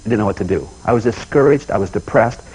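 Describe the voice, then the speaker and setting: A man from the United States giving a motivational talk, in the manner of a folksy storyteller. His speech comes quickly and his voice is husky. He is animated and often circles back to repeat a point. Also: fairly low pitch, low-quality recording. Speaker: seminar speaker.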